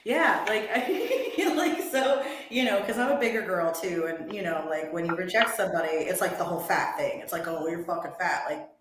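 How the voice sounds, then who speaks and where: A woman's voice: fairly low pitch, expressive, moderate pace, reverberant, noisy background. A woman co-hosting a casual podcast, blunt and profane, packing her speech with "like" and "you know". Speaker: podcast co-host. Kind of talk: casual chat.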